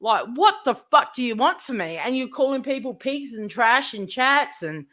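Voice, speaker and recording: A woman's voice: fairly high pitch, big pitch swings, moderate pace, fairly bright tone. A woman live streamer ranting to her chat, indignant, swearing heavily and repeating herself.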